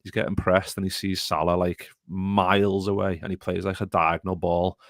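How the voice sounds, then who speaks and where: A man's voice: low voice, little pitch movement, normal speed, fairly bright tone, dry recording, studio quality. A man co-hosting a live football podcast, chatting casually and rambling as he reads out viewer comments. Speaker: podcast co-host.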